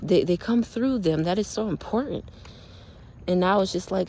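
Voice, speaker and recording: A young woman talking in a casual, rambling spiritual monologue, earnest and quick to laugh, with lots of "like" fillers. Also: medium pitch, dark tone. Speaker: spiritual vlogger.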